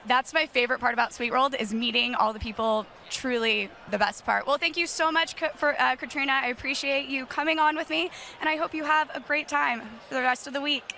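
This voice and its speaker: Bright, gravelly upbeat woman reporter. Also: sits high, brisk, hardly any pauses, a little hiss or hum. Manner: upbeat and enthusiastic. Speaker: roving floor reporter. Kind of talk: live event interviewing.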